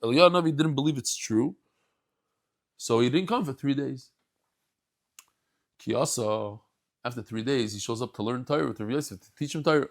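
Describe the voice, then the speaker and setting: A man teaching a daily Talmud class, animated and joking, acting out the dialogue as he goes. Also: medium pitch, moderate pace, long pauses. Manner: animated, jokey asides, acts out dialogue.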